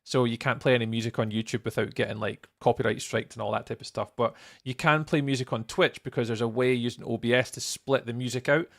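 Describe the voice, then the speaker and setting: A man's voice: medium pitch, steady tone, fast, hardly any pauses. A Scottish man chatting casually with viewers on a live stream while he builds in a game, greeting people by name and laughing often. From Scotland.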